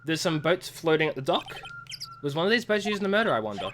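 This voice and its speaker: A woman's voice: low voice, big pitch swings, quick pace, background noise, voice pushed down. Woman doing a dry young male lawyer. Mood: dry musing.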